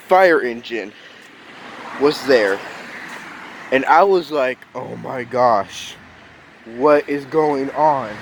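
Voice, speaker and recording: Animated young man telling a story. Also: a little high, slight background noise. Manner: animated, acts out quoted voices. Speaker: vlogger. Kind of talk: casual storytelling.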